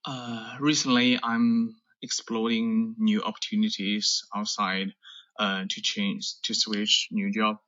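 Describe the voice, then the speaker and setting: A man, a sales manager calling in, speaking in a hesitant, halting way. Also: lowish voice, flat delivery, pushed and bright. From China. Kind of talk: casual chat. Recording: dull lo-fi call audio.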